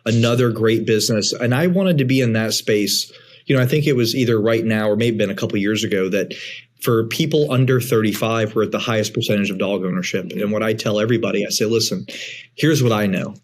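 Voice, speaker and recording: A man in his forties talks as a guest on a podcast, with a slightly husky, breathy voice. He tells stories with animation, often laughing as he talks. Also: fairly low pitch, quick pace. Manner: animated storyteller, laughs through anecdotes. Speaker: podcast guest, franchise executive. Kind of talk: casual podcast conversation.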